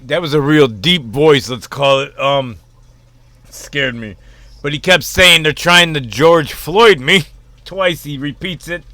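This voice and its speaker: A man's voice: a little high, sharp tone. A man giving rambling, casual reaction commentary on a video, full of fillers and the odd swear.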